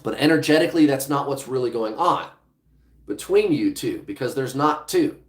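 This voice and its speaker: A man's voice: mid-range voice, expressive, moderate pace, echoey room. A man hosting a livestream as a relationship coach, speaking bluntly and casually, with some swearing, straight to his viewers.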